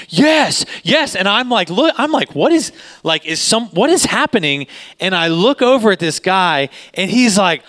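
A man, a pastor, telling a story in a sermon, animated and rising in pitch as he gets excited.

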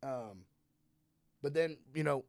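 Bouncer type telling war stories; a slightly higher male voice, animated and profane, dry close sound. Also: takes it slowly, creaky, no echo. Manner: animated, profane, acts out quoted lines. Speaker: bar security guard. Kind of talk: casual storytelling chat.

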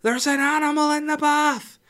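A woman's voice: high voice, little pitch movement, normal speed, fairly bright tone, pitched above the performer's own voice. A man doing a shrieking panicked little girl. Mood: alarmed screaming. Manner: screaming, alarmed. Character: panicked little girl, three years old, shrill.

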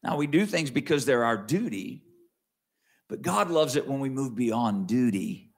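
A man preaching a sermon in a conversational way, slowing down and rising to stress key words, then dropping low for asides. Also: lively intonation. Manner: conversational with wide swings in pitch and loudness, slows to stress key words. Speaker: pastor.

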